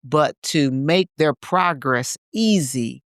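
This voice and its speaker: A man's voice: fairly high pitch, animated, slow pace, a bit bright, no room sound, studio quality. A man co-hosting a podcast in a reflective, casual conversation, speaking emphatically and repeating phrases to drive his points home. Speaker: podcast co-host.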